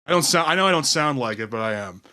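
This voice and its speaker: A man's voice: mid-range voice, expressive, fast talker, bright, forceful tone, no room sound, studio quality. A man who is a comedian, chatting in an easygoing, self-deprecating way on a podcast. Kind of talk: casual podcast chat.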